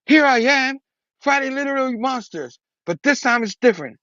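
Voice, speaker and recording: A man reading out a young male superhero's comic dialogue in a raised, pitched-up voice. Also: lively intonation, normal speed, bright, forceful tone, no echo, highs cut off, exaggerated voice. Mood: anguished. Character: young adult male superhero, earnest and troubled.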